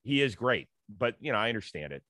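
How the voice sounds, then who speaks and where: Fairly low but sing-song, this man's voice moves quickly and sounds pushed and bright in a dry recording. As a podcast host he keeps things chatty, swapping casual banter, pitching future episodes, and hyping guests and sign-offs.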